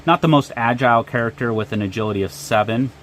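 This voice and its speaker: A man's voice: medium pitch, quick pace, a bit bright, a little hiss or hum. A man narrating and running a solo tabletop game with frequent ums and uhs. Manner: hesitant, lots of ums and uhs.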